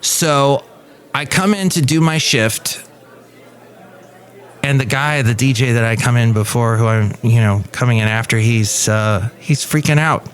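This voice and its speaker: A man's voice: mid-range voice, a little slow. A middle-aged man from the United States hosting a podcast, telling a personal story in a rambling, casual way with restarts. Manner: rambling anecdotal delivery with restarts and acted quotes. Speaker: podcast host.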